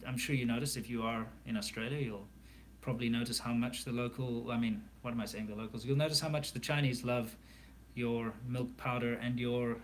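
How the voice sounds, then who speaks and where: A South African man hosting a casual livestream Q&A, talking candidly and rambling with frequent fillers and restarts. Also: mid-range voice. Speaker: livestream host.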